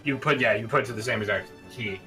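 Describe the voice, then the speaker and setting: A man with a bright, sharp voice gives blunt, offhand advice to his gaming group over a voice call. He swears casually, and his pitch is ordinary for a man. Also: fast talker, faint music behind. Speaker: tabletop game player.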